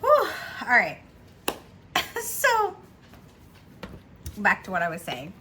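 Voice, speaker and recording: A woman chatting casually from home about a book she read, giggling often and filling pauses with ums and likes. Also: medium pitch, huge pitch swings, background noise. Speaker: book vlogger. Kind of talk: casual book review chat.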